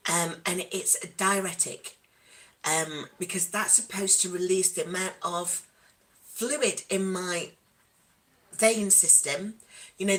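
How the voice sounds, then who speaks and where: A woman hosting a live question-and-answer stream, chatting in a rambling, animated way with many asides. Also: fairly low pitch, poor audio. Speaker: stream host. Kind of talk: casual live Q&A chat.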